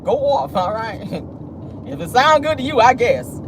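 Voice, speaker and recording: A woman's voice: fairly high pitch, very animated, unhurried, slight background noise. A woman hosting a celebrity gossip commentary show, blunt, sassy and profane, calling listeners "child" and "baby".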